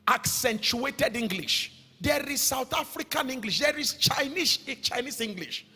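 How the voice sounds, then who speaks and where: A man with a Nigerian accent preaching a fervent sermon. He calls out to the congregation, his voice rising into sing-song lines and sudden shouts. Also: extremely high pitch, animated, a little slow, breathy edge. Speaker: pastor. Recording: echoey hall with faint music.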